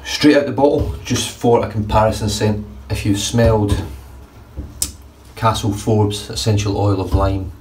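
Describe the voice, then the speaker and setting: A man's voice: lowish voice, steady tone, measured pace, darkish tone. A man in a bathroom giving a casual, blunt and sweary shave review. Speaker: wet-shaving vlogger. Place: indoor bathroom. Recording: distant mic with faint room noise.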